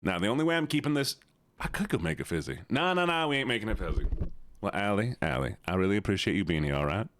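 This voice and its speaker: Man playing a drawling Southern belle, low and sassy, Southern US accent, teasing chat. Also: big pitch swings, fast talker, fairly bright tone, no room sound. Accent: put-on Southern US. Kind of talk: live game stream banter.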